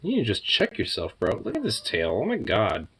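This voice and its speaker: A man's voice: on the low side, wildly swooping pitch, fairly quick, a bit bright, husky. A man chatting playfully with his pets at home, teasing them with mock insults and swearing, then cooing baby talk at them. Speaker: pet owner talking to his cats.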